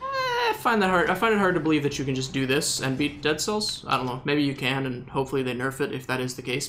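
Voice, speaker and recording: A man's voice: medium pitch, fairly bright tone. A young man with a Southern US accent, commentating his gameplay in a joking, exasperated, rambling way. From Southern United States.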